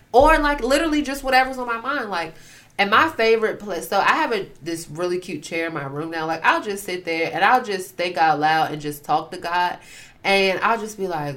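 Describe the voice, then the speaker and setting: A young adult woman co-hosting a casual faith podcast, expressive and playful, with quick asides. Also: mid-range voice. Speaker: podcast co-host.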